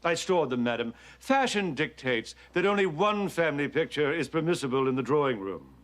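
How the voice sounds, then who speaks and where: A man's voice: on the high side, lively intonation, fairly quick, lightly acted. An actor playing a stiff, haughty male butler in a studio sitcom, speaking in a formal, dry and snooty way.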